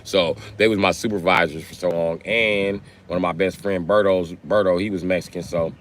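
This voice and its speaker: A man's voice: deep voice, steady tone, normal speed, hardly any pauses, a little hiss or hum. A man ranting on a casual livestream, profane and confrontational, heckling his viewers.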